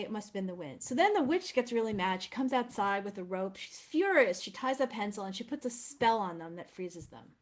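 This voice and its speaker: A woman presenting opera program notes in an effusive, enthusiastic manner. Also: a little high.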